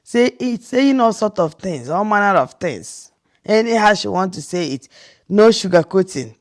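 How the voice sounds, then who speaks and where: A Nigerian woman vlogger gives casual reaction commentary, sounding incredulous and rhetorical and often restarting her sentences. Her medium-pitched voice is very animated, at normal speed.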